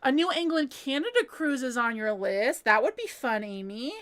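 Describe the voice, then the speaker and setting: Picture a young woman at home, chatting on a crafting livestream as she reads out viewer comments. She sits high in her voice, and her tone is bright and clear. She giggles often between her thoughts. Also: animated, moderate pace. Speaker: crochet livestream host. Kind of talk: casual livestream chat reading comments.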